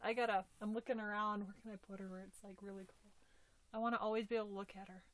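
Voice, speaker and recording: A woman unboxing gifts in a casual vlog, gushing with excitement and often dropping to a whisper. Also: mid-range voice, quick pace, a little hiss or hum. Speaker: doll collector unboxing gifts.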